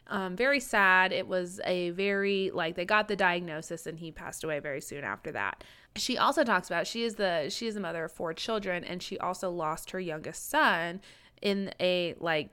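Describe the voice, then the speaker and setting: A woman's voice: lowish voice, pushed and bright, smooth. A woman from Georgia in the US, casually summarizing a book's plot in a chatty podcast conversation and laughing often. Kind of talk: casual book discussion.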